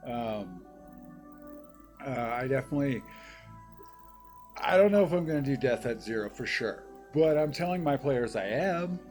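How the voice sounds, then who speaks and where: A man's voice: mid-range voice, expressive, moderate pace, pauses often, a little mellow, faint music behind. A man hosting his own channel, chatting casually and rambling with lots of fillers. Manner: rambling, many fillers, laid-back. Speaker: YouTube channel host. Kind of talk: casual vlog chat.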